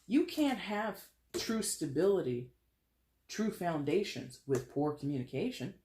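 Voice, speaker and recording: A tarot card reader gives a casual monthly reading directly to viewers, speaking frankly with loose swearing and lots of pop-culture asides. The voice is medium-pitched with big swings, a little slow and darkish in tone, recorded with a roomy echo.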